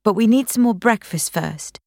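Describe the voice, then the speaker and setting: A cheeky brother who jokes and teases, as a woman reading a novel voices him. His lines come out louder and brighter than her narration. The recording is dry and close. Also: medium pitch, moderate pace, creaky, no room sound, voice pushed up, lightly acted. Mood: teasing. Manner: joking, teasing tone. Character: cheeky younger brother, teasing. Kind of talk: audiobook character reading.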